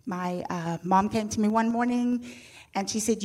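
A woman's voice: medium pitch, normal speed. A woman in her sixties from Zimbabwe, telling her personal testimony to an audience with frank, self-mocking humor and a storyteller's liveliness. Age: 60s. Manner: animated storyteller who acts out quoted voices. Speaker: speaker sharing her testimony.

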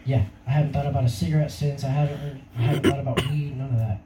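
A man's voice: medium pitch, little pitch movement, racing, reverberant, far from the mic, very noisy. A young man giving his personal testimony in a casual, rambling way, laughing often. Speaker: testimony speaker.

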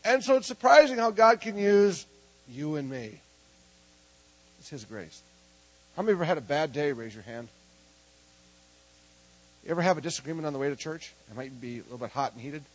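A middle-aged man from Minnesota preaching a lively, humorous sermon and calling on the congregation to answer back. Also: a little high, a little fast, long pauses, low-quality recording. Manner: animated, joking, calls for congregation response. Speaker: preacher teaching a prophetic ministry school.

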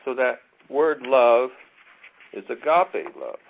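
A man leading a Bible study in a relaxed, self-deprecating way, reading scripture aloud and drawing out key words. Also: medium pitch, slow pace, vocal fry. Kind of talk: casual teaching with scripture reading. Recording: tinny phone-like audio.

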